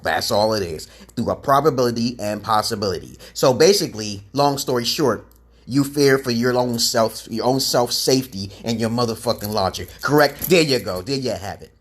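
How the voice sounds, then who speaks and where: A man's voice: mid-range voice, a bit bright. Profane, preachy livestreaming man. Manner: profane, preachy, greets chat viewers mid-talk. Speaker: livestream host giving self-styled advice. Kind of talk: rambling livestream monologue.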